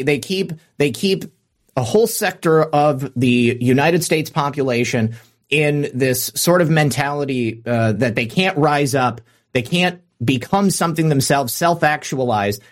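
A man co-hosting a talk show, chatting casually about politics, with frequent fillers and restarts. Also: mid-range voice. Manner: halting, many restarts and fillers.

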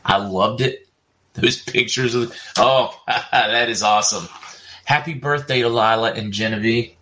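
A man's voice: mid-range voice, measured pace, bright, forceful tone, slight background noise. A middle-aged man hosting a casual livestream, chatting and reading viewer comments aloud with frequent laughs. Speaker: livestream host.

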